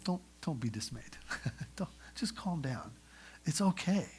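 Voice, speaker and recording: A preacher doing a hushed man calming his brothers. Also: on the high side, unhurried, slightly rough. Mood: reassuring. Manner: hushed, reassuring, half whispered.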